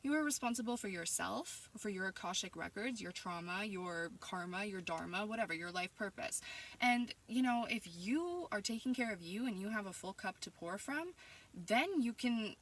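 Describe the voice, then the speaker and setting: A woman's voice: mid-range voice, expressive, normal speed, fairly bright tone, recorded from a distance. A young woman from Canada vlogging, reading out hostile messages and answering them with sass, mockery and spiritual talk that builds into heated ranting. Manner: sassy, mocking and spiritual, rising into heated ranting.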